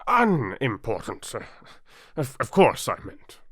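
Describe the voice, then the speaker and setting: Man doing a blustery pompous king, british, loud and slow, dry close sound. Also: medium pitch, wildly swooping pitch, slightly rough, dry recording, voice pushed up, heavily acted. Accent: British English. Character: blustering pompous male king, easily flustered. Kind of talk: audiobook character voice.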